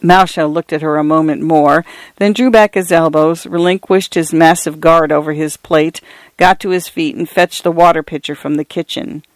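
A man reading a literary novel as an audiobook narrator in a measured, even way. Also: on the high side, dry recording.

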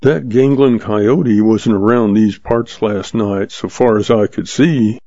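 A man reading the part of a slow-witted, blustering small-town sheriff with a drawl, recorded dry and slightly muffled. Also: on the low side, steady tone, dark tone, no echo. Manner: blustering, dim.

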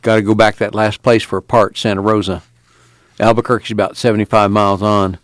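A man voicing a steady young man who talks calmly and practically. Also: lowish voice, fairly quick, no echo, close to an everyday voice. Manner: calm, easy, dry humor.

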